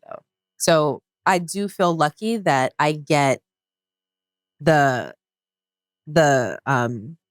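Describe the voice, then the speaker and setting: A woman co-hosting a podcast in casual chat, expressive and quick to laugh. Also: sits low, no room sound, studio quality. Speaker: podcast co-host.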